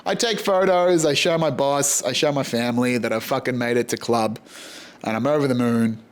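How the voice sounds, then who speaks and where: A man with an Australian accent, a podcast host telling a story in a casual, profane and animated way, acting out the dialogue. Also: mid-range voice, moderate pace.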